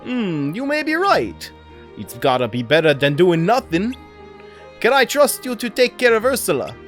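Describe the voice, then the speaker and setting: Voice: mid-range voice, very animated, normal speed, soft background music, voice pushed up, close to an everyday voice. A streamer voicing a fretful male crab advisor in a clumsy mixed accent that lands halfway between Russian and Brooklyn, dubbing a game cutscene live. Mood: worried.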